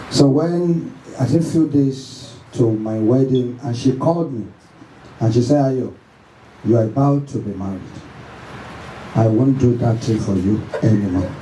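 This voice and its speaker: A man's voice: mid-range voice, dark tone. A Nigerian man paying tribute to his mother at a memorial service, telling his story earnestly with frequent fillers. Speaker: son giving a tribute. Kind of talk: spoken tribute. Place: church or event hall at a memorial service. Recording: echoey hall, far from the mic, faint noise.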